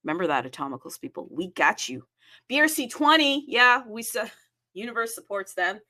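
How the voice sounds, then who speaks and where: Bubbly lady hosting a crypto livestream, highish voice, lots of playful asides. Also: big pitch swings, fairly quick, sharp tone. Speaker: livestream host. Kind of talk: casual crypto livestream chat.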